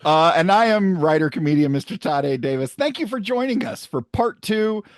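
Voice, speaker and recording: An upbeat male comedian co-hosting a podcast with playful energy. His voice sits fairly high and moves around a lot. The room sound is dry and close. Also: animated, moderate pace, no room sound. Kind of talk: casual podcast banter.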